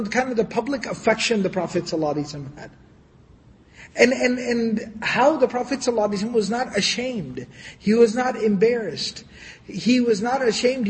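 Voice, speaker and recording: A man giving a storytelling religious lecture, animated, with sarcastic asides and quick recitations. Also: sits high. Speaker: Islamic lecturer. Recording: long hall reverb.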